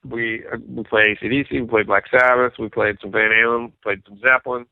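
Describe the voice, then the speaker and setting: A man's voice: medium pitch, a little fast, gravelly, no echo. A man in a casual interview, animatedly telling stories and acting out what others said. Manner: animated, acts out quoted voices. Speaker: musician guest. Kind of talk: casual storytelling. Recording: tinny phone-like line, dry.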